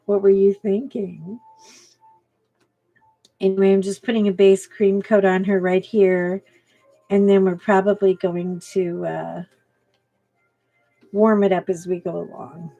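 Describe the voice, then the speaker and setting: While she colors, a middle-aged woman hosting a coloring channel chats and shares a family story with laughs. Her medium-pitched voice is warm and level, slow with vocal fry, and she pauses often.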